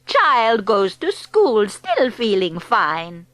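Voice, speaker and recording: A woman voicing the Grand High Witch, an imperious and cruel old witch who speaks slowly with mangled foreign-sounding grammar in an audiobook. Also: wildly swooping pitch, fairly bright tone, no echo, heavily acted. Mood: scheming. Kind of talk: audiobook character reading.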